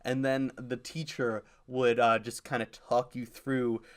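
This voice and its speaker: A man's voice: mid-range voice, flat delivery, unhurried. A young man co-hosting a podcast in casual chat, rambling with lots of fillers. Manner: rambling with many fillers and laughs. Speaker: podcast co-host.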